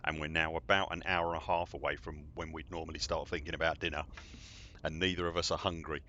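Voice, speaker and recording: A man's voice: rumbling low, little pitch movement, fast talker, pushed and bright, lo-fi sound, a little hiss or hum. A man, chatting and joking in a rambling way as a game streamer at home. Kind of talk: casual livestream chat.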